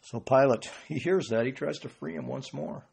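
Male preacher, husky voice, earnest sermon that swells to emphatic bursts. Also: medium pitch, normal speed, darkish tone. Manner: earnest, rising to emphatic bursts, repeats words.

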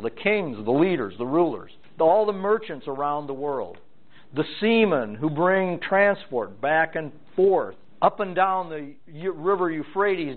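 A man preaching and teaching through scripture verse by verse, his voice sitting a little higher than most men's. He hits each word in a list with its own stress, rising and falling as he goes. The sound is thin and tinny, like a phone line. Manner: emphatic, lists items with rising and falling stress. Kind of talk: verse-by-verse Bible teaching sermon.

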